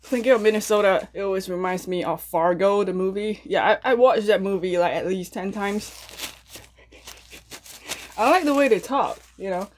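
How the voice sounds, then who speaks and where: A woman's voice: mid-range voice, normal speed. Woman mukbang host, casual chatty talk, eating between remarks, young adult. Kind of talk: casual chat to viewers while eating.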